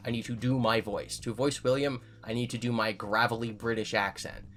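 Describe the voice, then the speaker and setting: A man's voice: medium pitch, fairly even intonation, fairly quick, a bit bright. Candid man talking things through. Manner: candid, self-correcting, talks things through. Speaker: YouTuber answering viewer comments. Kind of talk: casual commentary.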